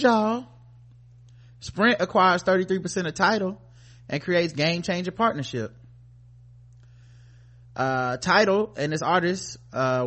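A male podcast co-host ranting in an animated, profane style. His voice sits a bit higher than most men's. He swings between mock outrage and deadpan jabs. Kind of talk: casual comedic rant.

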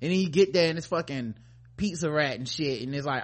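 Man, podcast co-host, comedic rant, profane, animated, slightly high voice. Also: normal speed. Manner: profane, animated, mock-outraged.

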